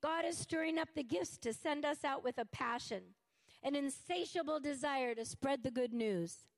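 Fervent woman preaching a sermon. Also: sits high. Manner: fervent, emphatic, slows down to stress words.

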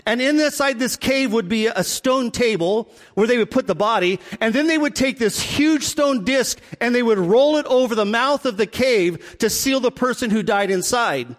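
A man preaching a sermon, telling the story in an animated way and acting out the people in it. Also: extremely high pitch, normal speed, hardly any pauses. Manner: animated storytelling, acts out voices. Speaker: pastor. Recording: long hall reverb.

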